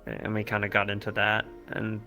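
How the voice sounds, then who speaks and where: Bright-voiced young man with American accent. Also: lowish voice, normal speed, creaky, soft background music. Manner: laughs easily, relaxed storytelling. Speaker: podcast guest. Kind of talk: casual chat.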